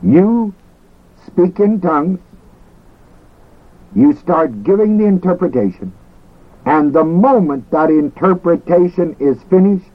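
A man teaching a class on ministry in a slow, deliberate way, repeating his key words. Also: a little high, animated, phone-quality sound. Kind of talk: recorded teaching lecture.

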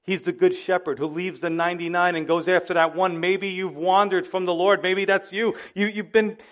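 A male pastor with a slightly high voice preaches in a lively, conversational way. He speaks straight to his listeners with frequent asides. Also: moderate pace, muffled recording. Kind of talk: sermon.

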